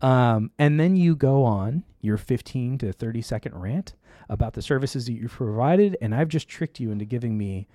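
A man's voice: medium pitch, normal speed, no room sound, clean studio sound. A man hosting a casual tech talk show, telling stories and acting out the voices in them. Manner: animated storyteller, acts out quoted voices.

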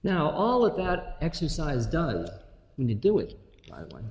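A man's voice: on the high side, wildly swooping pitch, moderate pace, a little mellow. Wry man talking in a reverberant hall. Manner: wry, laughing, musing, playful asides. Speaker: spiritual lecturer. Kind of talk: storytelling talk.

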